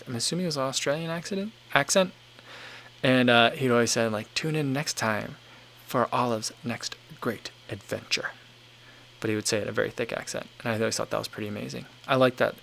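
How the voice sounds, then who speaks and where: A man in his thirties hosts a relaxed livestream, reading out viewer comments and riffing on them. His voice sits at an ordinary middle pitch. He meanders, circles back and fills gaps with "like" and "um". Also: gravelly. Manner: rambling and easygoing, leans on "like" and "um". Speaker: livestream host.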